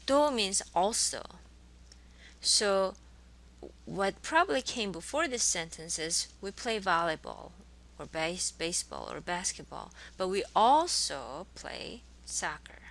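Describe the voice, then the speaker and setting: Gravelly, bright-voiced woman teaching a lesson. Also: mid-range voice, very animated, slow pace, low-quality recording. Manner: explains patiently, models sentences, restarts words. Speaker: Korean language teacher. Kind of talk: recorded classroom lecture. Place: college course recording.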